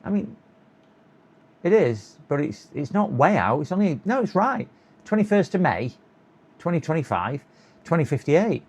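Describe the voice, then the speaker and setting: A tired man with a sore throat chats and mutters to himself on a live stream while repairing a computer, chuckling and coaxing it along hopefully. His voice is on the high side, sing-song, a little mellow, and husky, at a normal speed with frequent pauses. The audio is dull.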